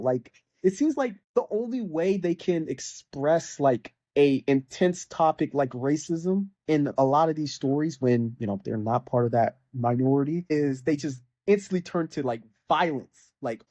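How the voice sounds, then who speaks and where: A man's voice: fairly high pitch, lively intonation, moderate pace, warm tone, no room sound. A young man ranting casually about a video game, rambling with lots of fillers and mocking the characters in exasperated bursts. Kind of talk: casual rant.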